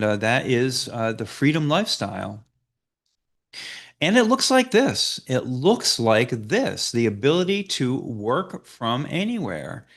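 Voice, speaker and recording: A man walks through a slide presentation as a business coach, his pitch rising and falling in an animated way. He halts often with "uh" and restarts his phrases as he talks. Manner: hesitant, frequent "uh" fillers and restarts.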